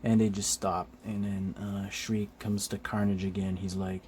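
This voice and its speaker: A man casually paging through a comic book on camera, chuckling often, filling pauses with "uh", swearing loosely and acting out the characters' lines. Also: fairly low pitch, background noise. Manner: chuckling, loose, acts out quick character quotes; many fillers, relaxed swearing. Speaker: comic book video host. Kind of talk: casual flip-through commentary.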